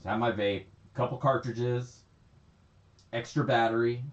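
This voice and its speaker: A man's voice: medium pitch, steady tone, normal speed. A man chatting casually on a livestream, rambling, laughing often and swearing freely. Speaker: livestream host. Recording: echoey, slightly dull stream audio.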